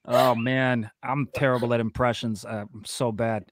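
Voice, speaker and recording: A man's voice: medium pitch, flat delivery, moderate pace, a little hiss or hum. A man chatting as a guest comedian on a video call, joking and self-mocking. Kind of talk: casual chat over video call.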